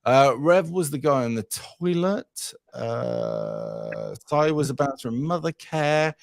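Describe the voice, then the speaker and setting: A man's voice: medium pitch, wildly swooping pitch, slow pace, gravelly, no room sound, studio quality. A man hosting a casual livestream chat, rambling and swearing as he talks. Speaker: livestream host.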